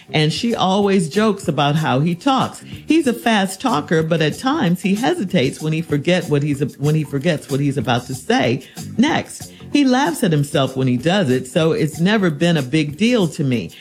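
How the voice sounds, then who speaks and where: Blunt, lively woman host giving advice. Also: low-pitched. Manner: blunt, incredulous, teasing. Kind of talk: reading a letter and giving advice.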